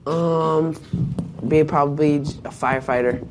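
Relaxed, halting male guest. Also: on the high side, noisy background. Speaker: interview guest. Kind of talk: casual interview chat.

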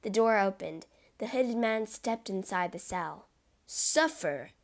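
A woman's voice: medium pitch, a little slow, creaky. A woman reading a classic adventure story aloud as narrator, with a dramatic delivery.

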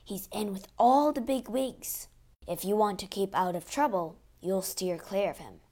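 A woman doing a hushed, wary bystander. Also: sits high, a little slow. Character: wary male bystander in a crowd.

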